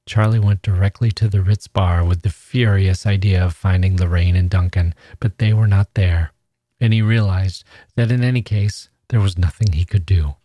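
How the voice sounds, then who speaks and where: Low voiced guy reading a short story, steady, dry close mic. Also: normal speed, no echo. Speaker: podcast host reading a story. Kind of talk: literary reading aloud.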